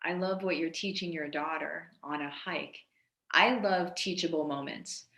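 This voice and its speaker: A woman's voice: low voice, a little slow, bright, forceful tone, reverberant. A woman hosting a video call, praising speakers with emphatic repetition. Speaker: host.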